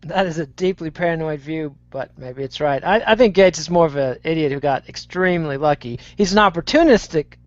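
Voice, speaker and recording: A man with a fairly high voice gives blunt, plain-spoken opinions in a casual podcast chat. He is heard over a video call, with dull, dry sound. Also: a little fast, hardly any pauses, no room sound. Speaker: panelist.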